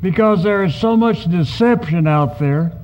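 A man preaching a sermon as pastor, teaching in a measured, emphatic way and acting out short quoted asides. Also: high-pitched, a little mellow, dull audio.

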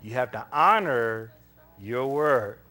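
Slow and medium-pitched, a man's voice delivers a sermon full of personal anecdotes. The telling is folksy and conversational; he's animated, plays out the dialogue himself and often breaks into laughter.

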